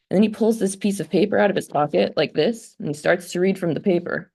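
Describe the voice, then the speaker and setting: A young woman telling a stand-up comedy story in a deadpan way, putting on a wide-eyed voice for her quoted questions, over a video call. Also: lowish voice, a little fast, gravelly, few pauses, slightly rough.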